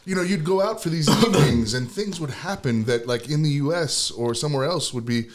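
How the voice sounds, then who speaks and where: A man's voice: fairly high pitch, brisk. A man hosting a podcast, musing reflectively in casual chat. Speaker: podcast host.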